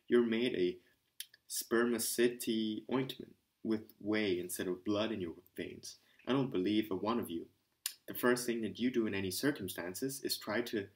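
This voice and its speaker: A man voicing a hearty, impatient young man who lectures and scolds loudly. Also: lowish voice, natural voice. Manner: blustering, hectoring.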